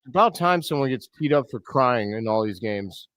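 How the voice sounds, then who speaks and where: Excitable fan calling a game, dry sound. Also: male voice, medium pitch, normal speed, no room sound. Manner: excitable, blunt, swings into loud outbursts. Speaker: host of a fan reaction stream. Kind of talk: live play-by-play reaction commentary.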